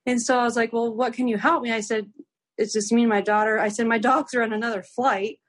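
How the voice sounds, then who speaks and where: A woman's voice: on the high side, fast. Chatty woman telling a travel story. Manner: animated, acts out dialogue with filler "like". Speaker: podcast guest. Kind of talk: casual storytelling.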